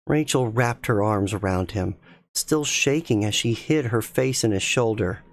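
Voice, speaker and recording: A man reading a spooky story aloud in a slow, measured, suspenseful way as a streamer. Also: on the low side, no room sound, studio quality.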